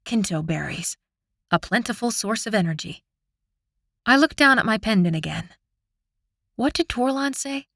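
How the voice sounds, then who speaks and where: Bright, dramatic woman narrating a fantasy audiobook. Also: fairly high pitch, moderate pace, gravelly, long pauses, dry recording, studio quality. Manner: dramatic, expressive storytelling.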